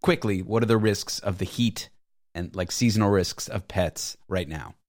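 A man hosting a radio show, asking quick questions and cracking jokes. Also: sits low. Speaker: radio host. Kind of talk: casual radio chat.

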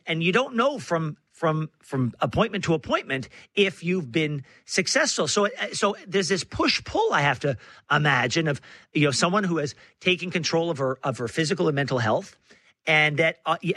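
A male radio host with a bright, forceful voice pitched a little high. He asks probing questions, working his way toward each point. The studio sound is dry and close. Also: animated, brisk, no room sound. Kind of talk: radio interview.

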